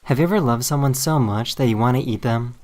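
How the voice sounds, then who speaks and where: A man giving brisk, matter-of-fact scripted narration over a compilation of viral clips. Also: medium pitch, a little mellow, slight background noise. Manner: brisk, matter-of-fact, ends with a stock sign-off. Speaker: video narrator.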